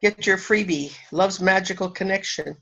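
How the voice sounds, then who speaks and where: A woman from Canada, a spiritual teacher and speaker, talking effusively and emotionally in an interview, laughing often and pausing for effect. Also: medium pitch, fairly bright tone, dull audio. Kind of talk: casual interview talk.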